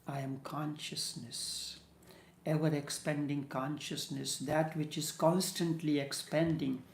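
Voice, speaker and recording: A man giving a measured spiritual discourse, dropping to a whisper on key words. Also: fairly high pitch, level tone, creaky, slight background noise. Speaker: spiritual teacher. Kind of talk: slow meditative spiritual discourse. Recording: echoey room.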